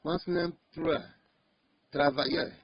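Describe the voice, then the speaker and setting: Man, language teacher, husky voice, slightly high pitch, repeats words slowly, dull lo-fi recording. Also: steady tone, dry recording. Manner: slow, repeats each word several times. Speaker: French teacher. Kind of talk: online language lesson.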